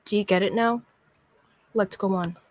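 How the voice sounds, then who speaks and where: A woman vlogger with a medium-pitched voice rants in sarcastic, exasperated casual commentary, sighing and calling someone out by name again and again. Her intonation is fairly even, her pace moderate, and the recording has no echo.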